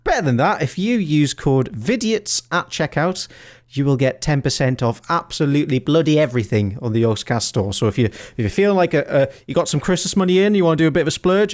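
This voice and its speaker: A man co-hosting a comedy podcast, reading donor names and plugging merch with laughter. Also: on the high side. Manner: animated, laughing, reads donor names loudly. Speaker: podcast co-host. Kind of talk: casual podcast banter.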